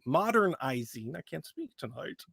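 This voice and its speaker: A man, a voice actor guest, chatting in an animated, playful way during an interview. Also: fairly high pitch, moderate pace, dry recording, studio quality. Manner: animated, laughing, playful storyteller. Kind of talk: casual interview chat.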